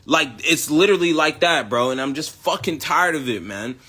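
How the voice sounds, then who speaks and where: A man's voice: fairly high pitch, expressive, normal speed, bright, forceful tone, husky. A young man from the United States ranting in a casual, rambling, heavily profane way. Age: young adult. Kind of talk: casual rant.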